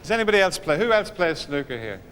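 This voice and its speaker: A man's voice: a little high, sing-song, fast, fairly bright tone, rough recording. A man with an Irish accent telling jokes and chatting with a live audience between trick shots. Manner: chatty, joking, teasing the audience. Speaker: comedian and snooker entertainer.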